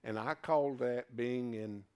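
A man preaching a sermon to a live congregation. He moves from loud, emphatic declarations to quiet, low asides and calls his listeners folks. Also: slow, clear, resonant tone.

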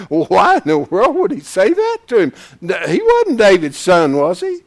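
A man teaching a Bible class in sermon style, folksy and animated, breaking into shouts to press a point. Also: fairly high pitch, moderate pace, vocal fry, hardly any pauses.

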